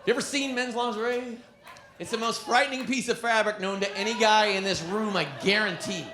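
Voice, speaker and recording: A man performing a stand-up comedy set on a club stage, telling stories with an animated delivery. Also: high-pitched, fairly quick. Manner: animated storytelling, breaks into laughs. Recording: echoey club with background noise.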